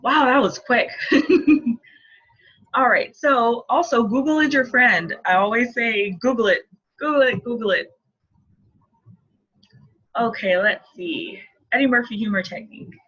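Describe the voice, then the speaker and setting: A woman's voice: a little high, unhurried, pauses often, a bit bright, slightly rough. A woman in her thirties, a marketing coach, teaching casually and playfully while laughing often. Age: 30s. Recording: dull lo-fi recording.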